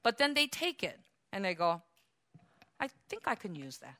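A woman pastor preaching a sermon in a church, animated, acting out quotes and laughing often. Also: mid-range voice, normal speed.

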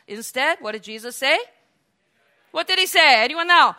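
A woman preaching a sermon in an animated way, acting out quotes and swinging between loud exclamations and quiet asides. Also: high voice, fairly quick.

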